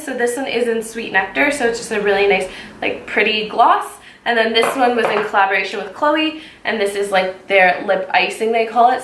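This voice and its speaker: A woman's voice: fairly high pitch, fairly bright tone, far from the mic, slight background noise. A young woman chatting casually through a makeup unboxing, gushing and bubbly, dropping lots of "like". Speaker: beauty vlogger. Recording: echoey room, voice a little off-mic.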